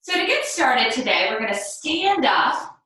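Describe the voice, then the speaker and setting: A young woman guides kids through a yoga class in an upbeat, encouraging, sing-song voice that swoops up and down. She sits a bit above the usual pitch. Her voice rings around a very echoey room and sounds a little off-mic. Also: big pitch swings, measured pace, bright, forceful tone, recorded from a distance. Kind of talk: guiding a children's movement lesson. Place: room at home.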